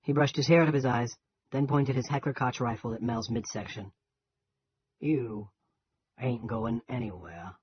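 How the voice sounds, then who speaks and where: A man reading a novel aloud in a steady, plain narration. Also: mid-range voice, brisk, breathy edge. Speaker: audiobook reader. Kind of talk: audiobook narration. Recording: dull lo-fi.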